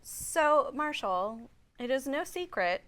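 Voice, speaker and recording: A woman's voice: sits high, animated, slow pace, background noise. A woman hosting a morning show, chatting casually and reading out event listings with frequent laughter. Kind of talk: casual studio chat.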